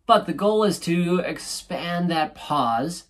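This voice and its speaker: A man's voice: on the high side, expressive, slow, fairly bright tone. A man hosting a podcast, explaining self-help ideas in a casual, conversational way, often checking in with "right?". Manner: conversational, frequent "right?" tag questions; thoughtful, explaining step by step. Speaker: podcast host.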